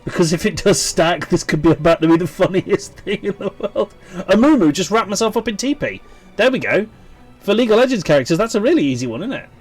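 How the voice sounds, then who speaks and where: A man's voice: high-pitched, expressive, quick pace, faint music behind. A man with a Welsh accent chatting casually with viewers while streaming a game, rambling and thinking aloud. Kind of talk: casual live-stream chat while gaming.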